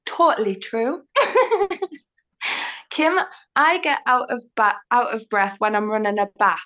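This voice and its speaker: A woman's voice: a little high, slow pace, bright, forceful tone. A young British woman, a guest in a casual interview, giggly and self-deprecating. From United Kingdom. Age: young adult. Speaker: guest, social media personality.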